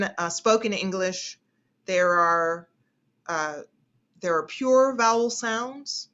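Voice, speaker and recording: A woman speech instructor teaching an online class, hesitating often and slowly stretching out vowel sounds as she demonstrates them. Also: lowish voice, fairly bright tone, lo-fi sound. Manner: hesitant, with frequent fillers and restarts.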